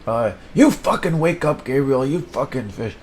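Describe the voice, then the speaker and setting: A man improvising an absurd, profanity-laced comedy monologue, rambling and swinging between mumbles and sudden shouts. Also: mid-range voice, lively intonation, normal speed.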